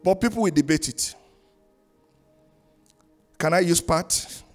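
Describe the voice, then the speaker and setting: A man preaching a sermon, swinging between loud sung-out lines and quiet asides. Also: fairly high pitch, slow pace, faint music behind. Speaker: pastor. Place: church in Canada.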